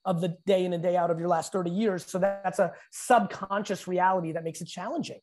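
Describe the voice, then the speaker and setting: A man's voice: high voice, steady tone, fairly quick, a little mellow. A man who is a guest in a casual chat, teasing and opinionated and often talking over the others.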